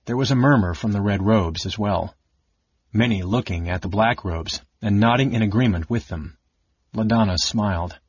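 A man narrating an audiobook in a steady, even reading voice. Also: on the low side, normal speed, breathy edge, no echo. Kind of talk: scripted narration. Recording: dull, dry audiobook recording.

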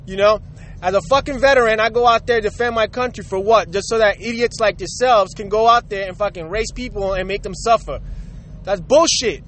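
Angry ranting man with a high voice. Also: a little fast, fairly bright tone, slight background noise. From Puerto Rico. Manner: profane and heated, talks straight at listeners. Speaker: podcast host. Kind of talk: angry rant.

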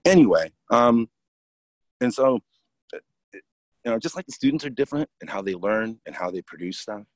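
A man's voice: lowish voice, lively intonation, moderate pace, no echo. Man, teacher, casual storytelling, profane, rambling, dry close sound.

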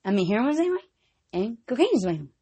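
A woman talking straight to her channel in a loose, meandering storytelling flow. Her voice sits high and swings widely up and down, often tipping into giggles. She curses casually as she goes. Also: big pitch swings, fast, mellow, slightly rough. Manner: breaks into frequent high giggles, swears freely. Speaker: vlogger.

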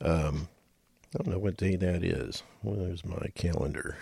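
A man's voice: deep voice, unhurried, gravelly, dark tone, husky, dry recording. A middle-aged man hosting a radio talk show, rambling in a folksy way with chuckles and muttered asides.

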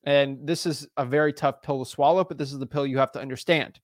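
A man's voice: mid-range voice, steady tone, quick pace, no echo, clean studio sound. A man giving an intense, preachy motivational talk to camera as a real estate coach, hammering points with repeated phrases.

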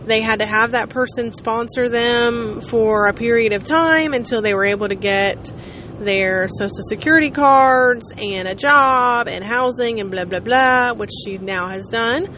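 A vlogger in her late thirties chats casually with her viewers, rambling and making fun of herself. Her voice is a little high, pushed and bright, and somewhat slow, with slight background noise.

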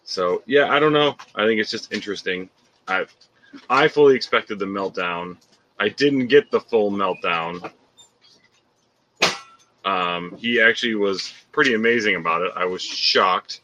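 A man's voice: on the low side, a little slow, pushed and bright, lo-fi sound, slight background noise. A man hosting a live podcast, chatting casually, reading viewer comments and laughing often.

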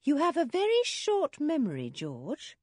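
A woman voicing a kindly middle-aged mother in a storybook reading, affectionate and gently scolding. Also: high-pitched, huge pitch swings, a little slow, no room sound, studio quality, voice pushed up, heavily acted. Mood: teasing.

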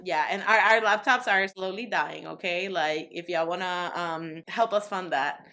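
A woman's voice: fairly low pitch, moderate pace, sharp tone. A young woman co-hosting a podcast, chatting casually and laughing easily. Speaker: podcast co-host. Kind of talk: casual chat.

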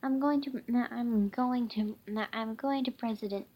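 A woman voicing an eager, hopeful schoolboy, reading haltingly. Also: fairly high pitch, fairly even intonation, warm tone, close to an everyday voice. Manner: stumbling, halting read.

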